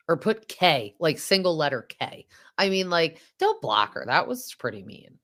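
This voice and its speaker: A woman in her thirties with a strikingly low voice, chatting casually as a podcast host. She is animated, laughing often and breaking into high-pitched impressions. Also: moderate pace. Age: 30s. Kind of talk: casual chat.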